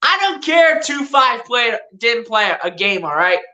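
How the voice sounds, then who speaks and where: A woman's voice: on the high side, big pitch swings, a little slow, sharp tone. A woman streaming live play-by-play as a fan, calling plays and trash-talking rivals, laughing often. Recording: roomy echo.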